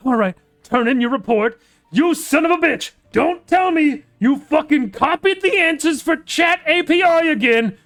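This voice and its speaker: A man putting on a furious male math professor who yells at a student over copied answers. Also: extremely high pitch, expressive, normal speed, faint music behind, voice pushed up, exaggerated voice. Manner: yelling, furious.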